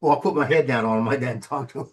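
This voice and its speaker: A man's voice: mid-range voice, racing, slightly rough. A man on a live show, retelling a story in an exasperated, mock-scolding way over a remote call mic. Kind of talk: casual chat, animated storytelling. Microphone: remote call mic with noise cancellation.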